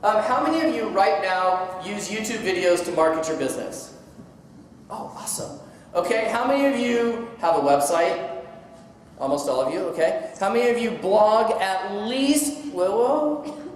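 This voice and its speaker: A man's voice: sits high, normal speed, a little hiss or hum. A man speaking at a conference, upbeat and chatty, tossing questions to the crowd and teasing people. He is heard from some distance in a large hall with a long, echoing reverb and faint room ambience. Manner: energetic, asks the audience questions, jokes. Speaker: seminar speaker. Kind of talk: conference talk to a live audience. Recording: echoey hall, distant mic.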